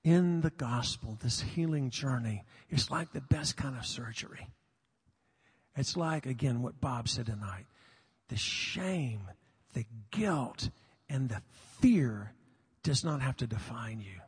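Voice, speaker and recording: An older man preaching a sermon, earnest and confessional, sometimes halting on repeated words, recorded live in a large hall. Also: medium pitch, expressive, breathy edge. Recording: long reverb of a large hall.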